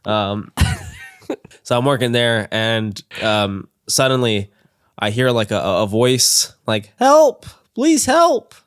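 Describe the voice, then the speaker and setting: A man's voice: on the low side, steady tone, slow, fairly bright tone, clean tone, no echo, clean studio sound. Laughing, swearing podcast co-host man. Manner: swearing, laughing, acting out a silly fight. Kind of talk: improvised storytelling, casual chat.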